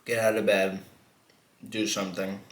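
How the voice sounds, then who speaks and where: Man, lowish voice, rambling, swears a lot, laughs often, casual mukbang vlog, echoey room. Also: little pitch movement, moderate pace. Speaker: mukbang vlogger. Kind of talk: casual storytelling while eating.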